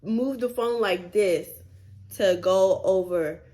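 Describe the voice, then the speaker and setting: A woman's voice: mid-range voice, slow. Chatty young woman telling a storytime. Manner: animated, chatty storytelling with many "like" fillers; addresses viewers as "y'all". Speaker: vlogger. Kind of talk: storytime vlog.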